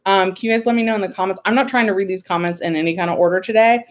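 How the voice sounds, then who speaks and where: A woman's voice: medium pitch, very fast, slight background noise. A woman hosting an emotional home livestream, rambling and frustrated, close to tears, talking into a computer mic. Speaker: livestream host. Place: home room.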